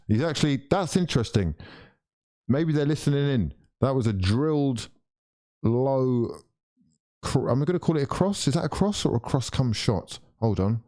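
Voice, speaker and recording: A man hosting a live football watchalong. He swears freely, talks straight to his viewers and swings between frustration and excitement. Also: medium pitch, moderate pace.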